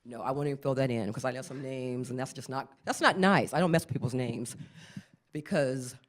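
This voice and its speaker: A middle-aged woman performing a stand-up comedy set, often jumping into squeaky acted-out voices. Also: steady tone, a little fast, a little mellow.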